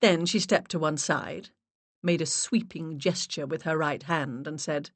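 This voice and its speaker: A woman narrating a mystery audiobook in the first person, expressive storytelling. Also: deep voice, unhurried, no echo. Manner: expressive storytelling with varied character voices.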